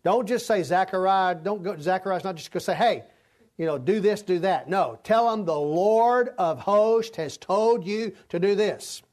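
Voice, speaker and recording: A man's voice: high-pitched, moderate pace, darkish tone. A man teaching a Bible study class in a conversational, informal way, often restarting his sentences and using fillers.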